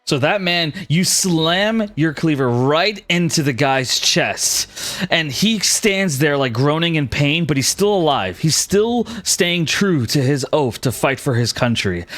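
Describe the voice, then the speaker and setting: A man running a tabletop game as dungeon master, narrating battle scenes in a lively, descriptive way. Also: on the high side, no room sound.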